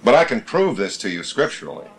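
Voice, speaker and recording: Guy leading a bible study, emphatic, keeps repeating himself, reads scripture out loud. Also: medium pitch, very animated, quick pace. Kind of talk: teaching a group Bible study.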